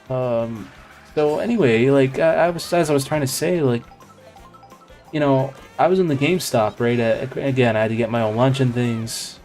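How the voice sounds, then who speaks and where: A man chats casually on his live stream as he races, drifting off into a long, wandering story. His pitch sits in an ordinary middle range, and faint game music plays behind him. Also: a little mellow. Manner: rambling, digressive storytelling. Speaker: live stream gaming host. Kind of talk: casual chat while playing a racing game.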